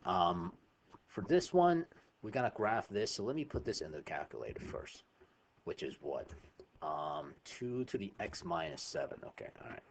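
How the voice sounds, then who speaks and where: Low-voiced casual math teacher. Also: male voice, very animated, normal speed, gravelly, a little hiss or hum. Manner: casual, chatty, frequent "right?" checks. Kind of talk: screen-recorded math lesson.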